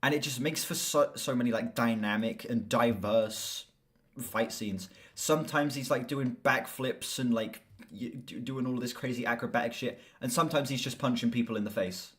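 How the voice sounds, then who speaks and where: A young man chatting casually on a live stream about movies, excitable and swearing freely. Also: medium pitch, normal speed.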